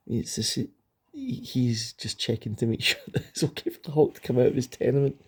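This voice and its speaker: A man's voice: mid-range voice, warm tone, slightly rough. A middle-aged man reviewing an old comic book in a casual vlog, rambling and enthusiastic, with lots of ums and restarts.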